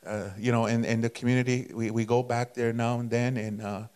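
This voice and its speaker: Brief: male preacher, fervent testimony, halting and repetitive, average pitch. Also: little pitch movement, a little mellow, clear, resonant tone. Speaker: preacher, guest. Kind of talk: testimony storytelling.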